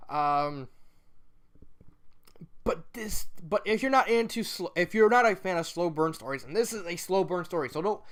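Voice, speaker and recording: A man's voice: high-pitched, expressive, moderate pace, a bit bright. Tearful man giving a rambling, casual spoken review. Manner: rambling, emotional, many restarts and fillers. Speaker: fan fiction reviewer.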